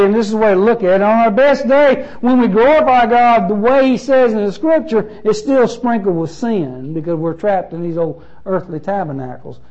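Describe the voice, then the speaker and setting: High-voiced preaching pastor, dull recording. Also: male voice, darkish tone. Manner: emphatic, repeats phrases with shifting stress. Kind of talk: sermon.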